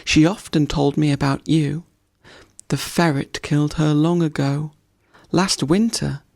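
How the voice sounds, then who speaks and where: A man voicing a fussy, bustling male squirrel in a storybook, chattering and quick to scold. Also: on the high side, steady tone, gravelly, a little mellow, dry recording, studio quality. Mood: friendly.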